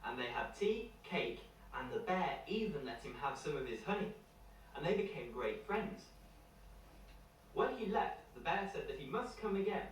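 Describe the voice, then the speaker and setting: A man's voice: on the high side, slight background noise. A man narrating a children's story in a playful way, with a moral at the end, in an echoey room heard from far off. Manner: slow, lively, playful.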